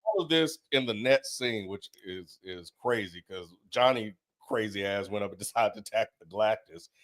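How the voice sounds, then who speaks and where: A man's voice: on the low side, moderate pace. A man co-hosting a podcast, telling playful stories while discussing a movie. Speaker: podcast co-host. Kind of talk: casual movie review chat.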